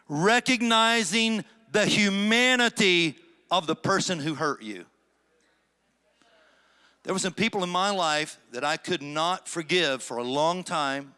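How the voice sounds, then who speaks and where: A man preaching a sermon as pastor, swinging between loud emphatic stretches and low, conversational asides. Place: church sanctuary.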